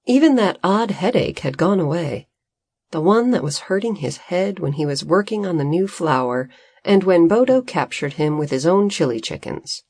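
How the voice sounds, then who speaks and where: A woman narrating a children's storybook in an expressive, unhurried manner. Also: fairly low pitch, no room sound. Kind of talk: storybook reading.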